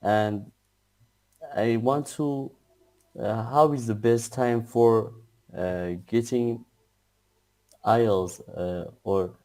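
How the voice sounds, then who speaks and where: Halting male student on a poor webcam. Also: steady tone, darkish tone. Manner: halting, searching for words. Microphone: webcam on a video call. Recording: distant low-quality webcam audio.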